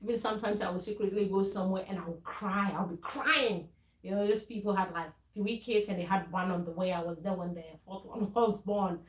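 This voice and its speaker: A woman's voice: medium pitch, fairly quick, echoey room, rough recording. A woman from Ghana talking casually in a faith-based vlog, earnest and preachy, with frequent laughs and restarts. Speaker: vlogger.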